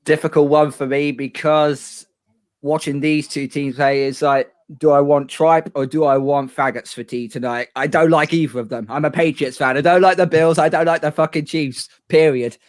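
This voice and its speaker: A man's voice: fairly high pitch, steady tone, normal speed. A man on a sports chat panel, blunt and grumbling about the teams. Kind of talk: casual chat.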